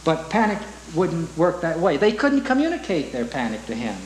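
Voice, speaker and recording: Guy preaching a sermon, kinda high voice, lots of why-be-afraid questions, roomy echo + faint hum. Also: wildly swooping pitch, moderate pace. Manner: earnest, rhetorical questions, reciting hymn lyrics.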